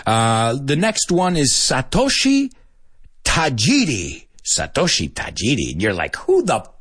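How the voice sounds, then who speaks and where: A man of middling pitch hosts an easygoing talk, hopping between English and Spanish. His delivery swings widely in pitch, with a slightly husky grain, and he chuckles often. The sound is dry and close. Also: wildly swooping pitch, measured pace, a bit bright, no echo. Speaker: podcast host teaching Spanish speakers English. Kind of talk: casual bilingual chat.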